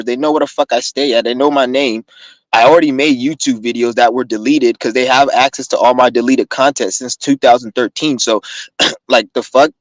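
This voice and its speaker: A man's voice: medium pitch, dry recording, rough recording. A young man ranting to his viewers in a heated, rambling, profane way, recorded on a phone. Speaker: vlogger. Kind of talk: casual rant to camera.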